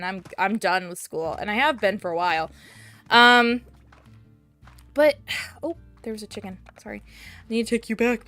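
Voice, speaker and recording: A woman's voice: mid-range voice, a bit bright. A young woman streaming a video game, chatting casually and rambling, with sudden squeals at the game. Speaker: VTuber streamer. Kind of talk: casual gameplay chat.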